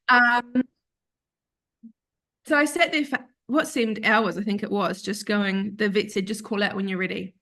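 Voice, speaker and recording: A woman guest on a podcast, telling an emotional personal story in an animated, earnest way and acting out what other people said. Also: mid-range voice, a little slow, long pauses. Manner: earnest, open about grief.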